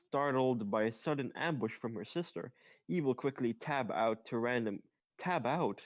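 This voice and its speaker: A man's voice: medium pitch, moderate pace, no echo, lo-fi sound. A man reading fan fiction aloud, stumbling on awkward grammar and making joking asides. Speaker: reader.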